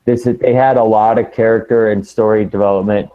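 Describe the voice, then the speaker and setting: A man co-hosting a casual wrestling podcast over an internet call, talking like an excitable, easily distracted fan. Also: on the low side, fairly quick, phone-quality sound. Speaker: podcast co-host.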